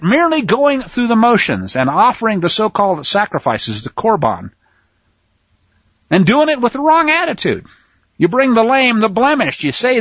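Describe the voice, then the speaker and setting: A man teaches a sermon, drawing out each verse with strong stress and slipping into relaxed asides between lines. His voice sits a bit high and moves a lot in pitch. The recording is dull and lo-fi. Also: slightly rough, no room sound. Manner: reads verses slowly with heavy emphasis, asides in between. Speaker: Bible teacher. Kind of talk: teaching sermon reading scripture aloud.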